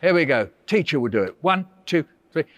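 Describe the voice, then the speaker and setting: A man's voice: fairly high pitch, sing-song, brisk, no room sound. A man, a visiting author, running a playful storytelling workshop for children and coaxing them with questions.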